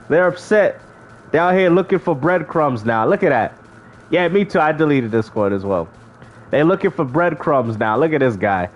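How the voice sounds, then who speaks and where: A man's voice: sits high, lo-fi sound. A man streaming live, casually bantering and mocking rival gamers, laughing often as he talks. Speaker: gaming streamer.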